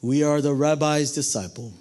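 A man's voice: on the high side, normal speed, darkish tone. A man preaching a sermon, asking the listeners questions and acting out the quoted lines. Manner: dramatic, acts out quotes, asks the congregation questions.

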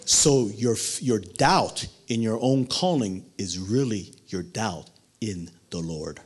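Taking it slowly, a man with a husky, lowish voice preaches a sermon. His delivery is dramatic, and he acts out quoted lines and asks the listeners questions.

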